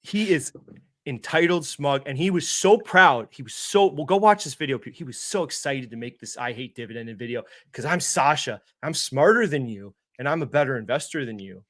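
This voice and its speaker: A man's voice: mid-range voice, expressive, moderate pace, fairly bright tone, no echo, studio quality. Angry swearing man on an investing stream. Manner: angry, sarcastic, swearing, mocking impressions. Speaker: co-host of investing livestream. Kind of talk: heated casual chat.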